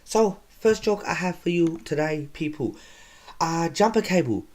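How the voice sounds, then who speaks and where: A man putting on a high, broken-English joke teller. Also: unhurried, a little mellow, lightly acted. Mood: jokey. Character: dim-witted male comedian with broken English.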